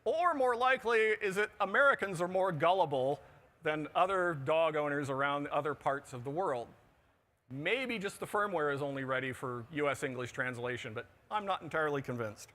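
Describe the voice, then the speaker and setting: A man with a bright, forceful voice pitched a little high, presenting at a conference. He delivers his talk with dry, joking asides. He sounds middle-aged. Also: normal speed. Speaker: conference speaker. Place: conference pavilion on a show floor.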